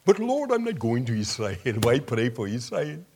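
A man's voice: medium pitch, very animated, normal speed, a little mellow, slight background noise. A man putting on the voice of an older evangelist who keeps questioning an instruction he doesn't understand. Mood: puzzled.

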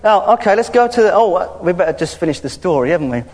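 Male preacher with a high voice, chatty and animated, recorded with long hall reverb. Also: fast. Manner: lively, conversational preaching with frequent hallelujahs. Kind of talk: sermon. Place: church hall.

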